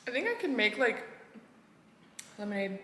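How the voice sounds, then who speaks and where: A woman's voice: fairly high pitch, sing-song, normal speed, fairly bright tone, slight background noise. Chatty woman vlogging in an echoey kitchen. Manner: chatty, addresses viewers, self-deprecating. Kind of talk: casual vlog chat while cooking. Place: home kitchen. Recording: echoey kitchen with clattering dishes.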